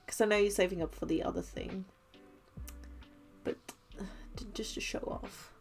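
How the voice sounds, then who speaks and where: A woman's voice: mid-range voice, fairly even intonation, normal speed, vocal fry, faint music behind. A young woman streaming while she crafts, chatting casually, giggling often and hesitating with many restarts.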